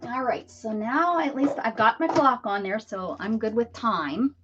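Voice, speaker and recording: A woman's voice: fairly high pitch, a little slow, fairly bright tone, muffled recording, slight background noise. A woman from the Pittsburgh area hosting a crafting live stream, chatting casually and greeting viewers by name as she works.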